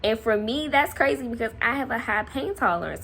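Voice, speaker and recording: A young woman speaks straight to her camera in an easy, chatty way. Her pitch swings freely as she acts out each moment, and she laughs often along the way. A light background hum sits under her voice. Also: animated, brisk, few pauses, fairly bright tone. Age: young adult. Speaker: vlogger. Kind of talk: casual storytelling to camera.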